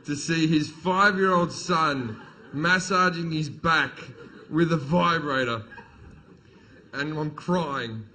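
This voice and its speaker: A middle-aged man does stand-up, spinning a crude, swear-laden family story. His voice sits high and rings bright. He tells it in an animated way. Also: takes it slowly, slight background noise. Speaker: stand-up comedian. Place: comedy stage.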